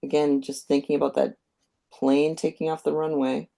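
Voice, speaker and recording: A woman giving a live painting demonstration, calmly explaining each step as she thinks aloud. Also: sits low, normal speed, gravelly. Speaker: painting instructor.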